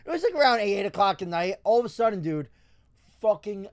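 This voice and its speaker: High-voiced thirtysomething male co-host, rowdy, swears freely, laughs a lot. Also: very animated, quick pace, crowd noise. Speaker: podcast co-host. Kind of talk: casual comedy chat.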